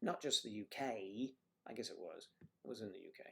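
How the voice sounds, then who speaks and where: A man's voice: on the low side, lively intonation, brisk, creaky. A man hosting a casual livestream, chatting and telling rambling stories. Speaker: livestream host.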